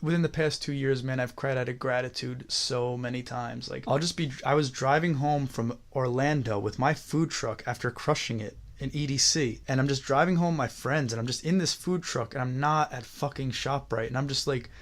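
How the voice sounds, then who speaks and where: A man's voice: mid-range voice, moderate pace, hardly any pauses. A man hosting a casual podcast chat, talking earnestly and encouragingly and often adding "man" and "you know what I mean". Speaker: podcast host.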